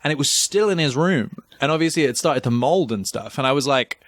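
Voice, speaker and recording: A man's voice: mid-range voice, brisk, hardly any pauses, fairly bright tone. A young man co-hosting a casual chat, rambling through a story with restarts and fillers. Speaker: podcast co-host.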